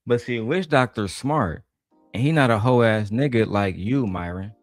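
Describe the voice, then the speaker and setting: A man's voice: mid-range voice, normal speed, dry recording, clean studio sound, faint music behind. A man hosting a reaction video, giving mocking, slangy commentary on a debate clip.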